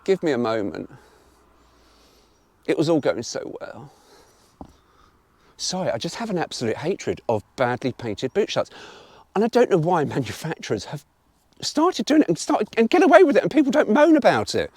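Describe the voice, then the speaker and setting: A middle-aged man talks his way around a car in a casual, opinionated review. His voice sits slightly high for a man and swings widely in pitch. He is frank, chatty, and swears now and then. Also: wildly swooping pitch, moderate pace, long pauses, a little mellow, no echo.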